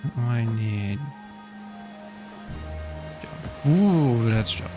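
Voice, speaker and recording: A man's voice: medium pitch, expressive, drawn-out words. A man with a mid-range voice livestreams a game, rambling casually to chat and laughing often. Faint music plays behind him. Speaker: game streamer. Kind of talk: casual live-stream chat while gaming.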